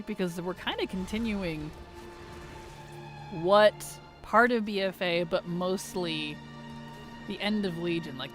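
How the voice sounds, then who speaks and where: A woman streaming a game, chatting casually with viewers, chatty and giggly with animated rants. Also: on the low side. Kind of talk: casual gameplay chat with viewers.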